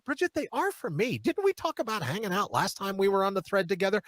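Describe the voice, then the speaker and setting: Animated sarcastic male talk show host. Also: sits high, brisk, hardly any pauses, dry recording. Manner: sarcastic, rambling storyteller who reads viewer comments aloud.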